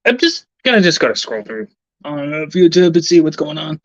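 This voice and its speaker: A man's voice: a little high, very animated, brisk, dry recording, lo-fi sound. A man livestreaming, rambling casually and muttering to himself in an irritable, profane way. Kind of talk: rambling casual stream talk.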